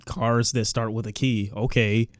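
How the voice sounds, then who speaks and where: A man's voice: mid-range voice, little pitch movement, a little slow, no room sound. A man giving casual reaction commentary as a music reviewer, candid and sometimes sarcastic toward the song.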